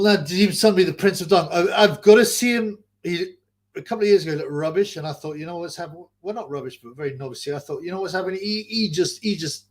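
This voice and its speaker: A middle-aged man hosting a boxing livestream, rambling and swearing through loose, casual stories. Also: fairly high pitch. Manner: rambling, profane, loose storytelling.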